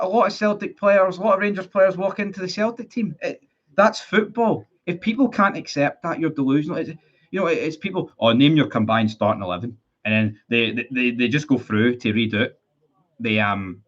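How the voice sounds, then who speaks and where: A man's voice: fairly high pitch, lo-fi sound. A Scottish man ranting heatedly about his football club on a live stream, reading chat messages and swearing often. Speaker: football fan livestreamer.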